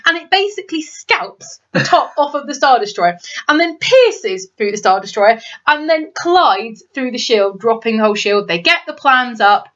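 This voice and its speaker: A woman co-hosting a casual film review chat, retelling scenes with excited, animated delivery. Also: normal speed. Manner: excitable, animated storytelling with big pitch swings. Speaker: podcast co-host. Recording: dull lo-fi home recording.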